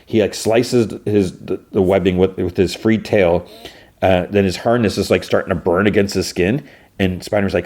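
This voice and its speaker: A man's voice: low voice, moderate pace, darkish tone. A man hosting a podcast, casually recapping an episode in a rambling way with lots of fillers. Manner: rambling, full of fillers and restarts. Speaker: podcast host.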